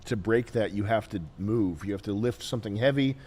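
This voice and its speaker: A man hosting a show, giving blunt, rambling advice with halting fillers and swearing. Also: on the low side, a little mellow, husky. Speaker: host. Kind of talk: casual advice talk.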